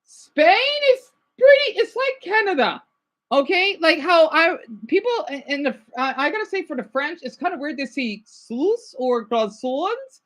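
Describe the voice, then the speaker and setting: A woman's voice: sits high, very animated, a little slow. A woman vlogger chatting casually about learning languages, rambling and hesitant, often checking in with "right?".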